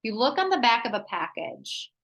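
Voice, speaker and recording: A woman presenting a live online wellness workshop on a video call, talking in an energetic, chatty way with frequent "um"s. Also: a little high, fairly quick, rough recording.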